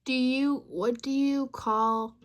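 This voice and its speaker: A young woman with a slightly high voice chats with a chatbot in a loose, rambling way. She is playful and often drops to mumbled asides between her lines. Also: fairly even intonation, slow. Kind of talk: casual chat with a chatbot.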